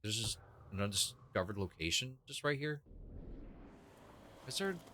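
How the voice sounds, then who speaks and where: A young man streams a game and muses aloud in an easygoing, opinionated way. His voice sits fairly low but moves around a lot, with a bright edge and a slow pace. A faint hum of noise stays under the recording. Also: very animated. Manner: chatty, opinionated, thinks aloud with restarts. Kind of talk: casual live gameplay commentary.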